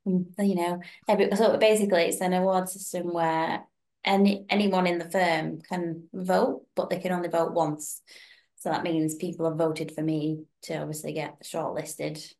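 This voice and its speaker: Lively young woman telling stories. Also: fairly low pitch, normal speed. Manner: animated storytelling, acting out quoted voices. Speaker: podcast co-host. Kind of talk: casual chat.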